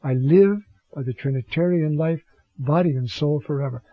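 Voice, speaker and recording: A man preaching on scripture in an animated way, with rhetorical questions and sudden leaps in pitch. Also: normal speed, dry recording. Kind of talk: sermon on scripture. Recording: dull, lo-fi dry recording.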